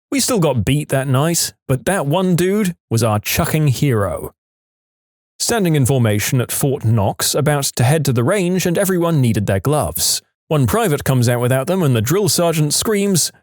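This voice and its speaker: A man reads listener stories aloud as scripted narration at a moderate pace, animated throughout and jumping his pitch up for quoted characters. The audio is clean studio sound with no room noise.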